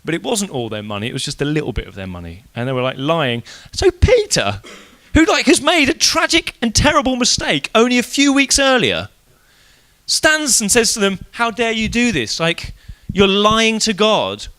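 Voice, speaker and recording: A man with a voice that sits high speaks at a moderate pace, preaching an evening church sermon. His style is casual and conversational, and he tells the story with animation, acting out the voices of the people he quotes.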